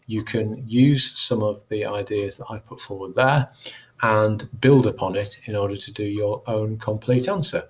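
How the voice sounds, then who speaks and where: Low-voiced male teacher explaining a text. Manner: explanatory, reads passages aloud then comments. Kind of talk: recorded lesson talk-through.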